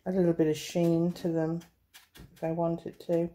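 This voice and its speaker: A woman's voice: fairly low pitch, monotone, moderate pace, warm tone. A woman hosting a casual baking tutorial, chatty and self-deprecating, often dropping to a murmur as she works. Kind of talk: casual hands-on demonstration.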